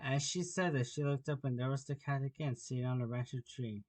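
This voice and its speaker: A man narrating an amateur audiobook of a children's classic in a plain, steady reading voice. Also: medium pitch, brisk, poor audio.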